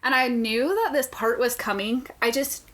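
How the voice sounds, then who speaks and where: A woman co-hosts a book podcast with a slightly high voice. She talks in lively casual chat, swears a lot and laughs often. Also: moderate pace. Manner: animated, profane, laughs often. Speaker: podcast co-host.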